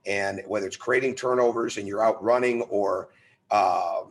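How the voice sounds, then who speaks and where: Middle-aged coach on a zoom presser, low voice, earnest and emphatic, repeats words. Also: male voice, steady tone, normal speed. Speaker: head basketball coach. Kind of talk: press conference answers. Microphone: video call.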